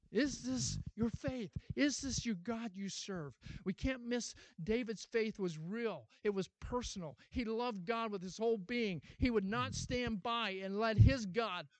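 In a dry recording, a man with a high voice delivers a sermon as a pastor. He repeats his words and asks lots of rhetorical questions, shifting from urgent, loud pleas down to a hushed final prayer.

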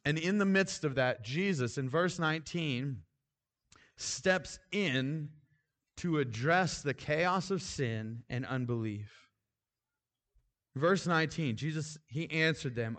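A man's voice: fairly high pitch, lively intonation, slow, a bit bright. A man preaching a sermon in a conversational, informal manner, with casual asides and frequent restarts. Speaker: pastor.

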